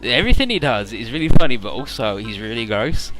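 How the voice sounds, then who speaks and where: A man's voice: mid-range voice, expressive, fast talker, music in the background. A man giving casual let's-play commentary, rambling through retellings with swearing.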